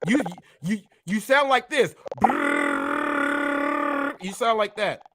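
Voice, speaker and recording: A man's voice: high voice, animated, moderate pace, very noisy. Fiery, repetitive male livestream host. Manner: emphatic, repetitive, challenging. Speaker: live show host. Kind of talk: heated livestream talk.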